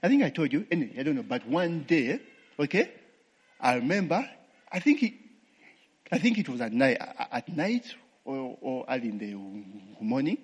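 A man's voice: mid-range voice, very animated, normal speed, husky, long reverb tail, lo-fi sound. A man with a Ugandan accent gives a testimony sermon, tossing in call-and-response tags like "eh?" and "what?" and laughing to himself. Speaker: preacher.

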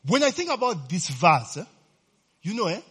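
Animated preacher quizzing his listeners. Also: high voice, normal speed, husky. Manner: lively, keeps checking the listeners with "eh?" and quizzing them. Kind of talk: sermon.

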